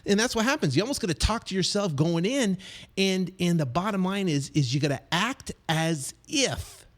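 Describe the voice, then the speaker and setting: A middle-aged man coaching on real estate deals in a casual motivational monologue, animated and repetitive, full of fillers, restarts and quick acted snippets. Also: sits high. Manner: acts out quick snippets of other voices.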